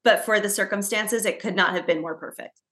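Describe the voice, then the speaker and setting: Bright-voiced chatty woman co-host. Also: medium pitch, brisk. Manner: chatty storyteller, frequent fillers and restarts. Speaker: podcast co-host. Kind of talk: casual chat.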